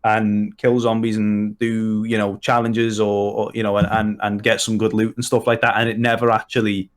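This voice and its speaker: A man's voice: on the low side, little pitch movement, normal speed. A man from Liverpool with a Liverpool accent, a guest chatting at length on a podcast, with many restarts and fillers. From Liverpool, England. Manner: long-winded, full of restarts and fillers. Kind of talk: casual podcast chat.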